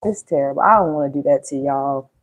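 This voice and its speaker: A woman's voice: a bass voice, fast talker. A woman chatting casually and joking with viewers during a cooking livestream. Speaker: livestream host.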